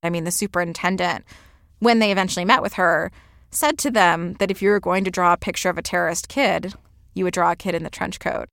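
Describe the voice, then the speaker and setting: Low-voiced reporter, dry and close. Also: female voice, fairly even intonation, a bit bright, no room sound. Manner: measured, conversational storytelling. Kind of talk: reported narration.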